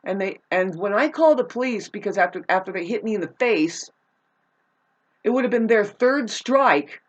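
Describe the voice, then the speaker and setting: A woman's voice: medium pitch, lively intonation, moderate pace, highs cut off. A woman telling a personal grievance in a casual, rambling monologue, agitated and profane, with frequent restarts.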